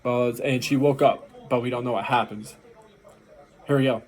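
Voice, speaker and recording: A man's voice: mid-range voice, fairly even intonation, moderate pace. Tired man rambling in anime reaction. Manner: rambling, loose, with many fillers and restarts. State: tired, late at night. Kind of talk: casual reaction commentary.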